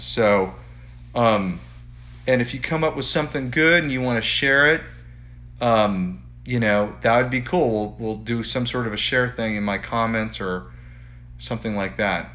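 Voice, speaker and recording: On a live phone stream inside his art studio, a man who paints chats casually and reads aloud from his own writing. He keeps restarting and repeating phrases. His voice sits on the low side and has a slightly bright quality.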